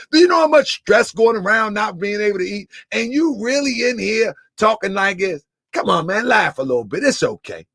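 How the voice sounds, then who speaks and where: Man, live stream host, teasing, loud, bright, gravelly. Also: high-pitched, no room sound, studio quality. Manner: loud, laughing, teasing, repeats himself. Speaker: livestream host.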